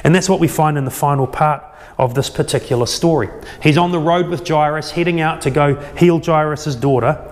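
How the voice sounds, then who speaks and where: A man preaching a sermon, retelling a scripture story with lively acted-out quotes. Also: a little high, a little fast, in a large hall. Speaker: pastor.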